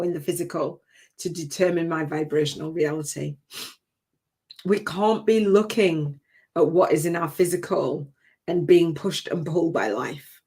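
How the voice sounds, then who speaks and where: A woman's voice: on the low side, husky. An older woman, a spiritual business coach, telling a heartfelt personal story on a livestream, often tearful and laughing. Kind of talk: emotional personal talk on a livestream.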